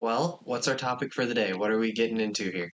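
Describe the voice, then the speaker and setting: Young male co-host, relaxed and self-deprecating, casual chat. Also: lowish voice, quick pace, slight background noise. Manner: easygoing, self-deprecating, nervous about spooky topics. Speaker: podcast co-host.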